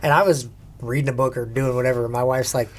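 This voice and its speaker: A man co-hosting a casual emergency care podcast, telling anecdotes in a chatty way and chiming in with quick agreement. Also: mid-range voice, fairly even intonation, a little hiss or hum. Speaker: podcast co-host and paramedic. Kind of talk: casual conversational chat.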